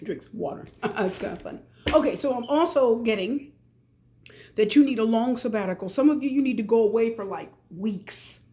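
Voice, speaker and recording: A middle-aged woman reads tarot cards for her viewers in a chatty, emphatic way, pressing each point home. Her voice sits a little high but has a mellow, warm tone. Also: normal speed. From United States. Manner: chatty, emphatic, repeats advice directly to viewers. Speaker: tarot reader. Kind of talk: pick-a-card tarot reading.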